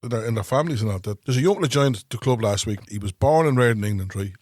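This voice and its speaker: A man's voice: mid-range voice, lively intonation, fast talker, darkish tone, no echo, clean studio sound. Jokey man hosting a podcast. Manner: jokey storytelling, swears freely. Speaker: podcast host. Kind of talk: casual chat.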